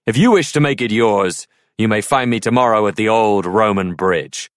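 A man's voice: on the low side, moderate pace, clear, resonant tone, no room sound, clean studio sound, close to an everyday voice. A man voicing a brash, hearty knight who talks in a bluff, posh, commanding way in a storybook reading. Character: brash, hearty middle-aged male knight.

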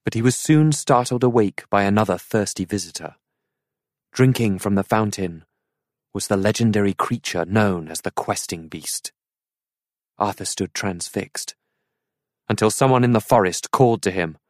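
A man reading a story aloud in an expressive, storytelling way. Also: low-pitched, moderate pace, dry recording, clean studio sound. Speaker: narrator. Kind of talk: scripted storybook narration.

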